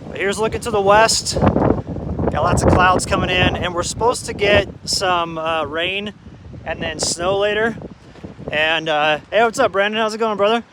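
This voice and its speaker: A man's voice: sits high, a little slow. Laid-back man chatting on a windy live stream. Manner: easygoing, greets viewers by name as brother. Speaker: off-grid vlogger hosting a live stream. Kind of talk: casual live-stream chat. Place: outdoors on windy rural property and inside a camper. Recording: windy outdoor phone audio with gusts. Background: wind noise.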